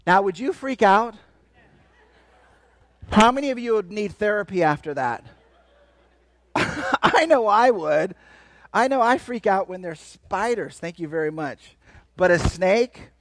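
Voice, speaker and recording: A man giving a lively, playful sermon as a guest speaker, joking with the crowd and swinging between loud and soft. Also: sits high, moderate pace, dry recording. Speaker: guest speaker at a church kids' event. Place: church hall.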